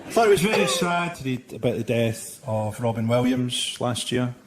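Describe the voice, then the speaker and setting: A man performing a stand-up routine with a deadpan, biting delivery. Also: mid-range voice, moderate pace, crowd noise, background noise. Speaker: stand-up comedian. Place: theatre stage with audience. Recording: live show with loud audience laughter.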